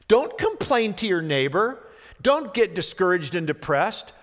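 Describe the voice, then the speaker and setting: A man preaching a sermon, reading scripture slowly and emphatically, then explaining it and rising into impassioned pleas. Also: high voice, big pitch swings, a bit bright, long reverb tail. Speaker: pastor.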